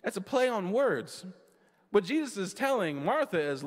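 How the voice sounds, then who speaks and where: A man preaching a sermon as pastor, swinging between hushed storytelling and loud emphatic lines. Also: high-pitched, big pitch swings, normal speed. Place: church sanctuary. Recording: long church hall reverb.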